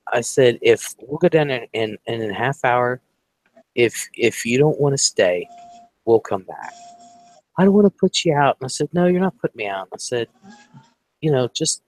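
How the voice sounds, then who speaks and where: In a mid-range voice with no echo, a man from Ohio spins a rambling personal story during a casual chat. He's lively and profane, acting out the voices of those in the tale.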